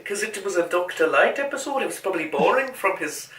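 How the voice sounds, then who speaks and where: A man's voice: high voice, animated, fast, a little hiss or hum. A young man co-hosting a casual fan podcast, speaking bluntly and offhandedly with plenty of swearing. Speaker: podcast co-host. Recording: bright, roomy, from off the mic.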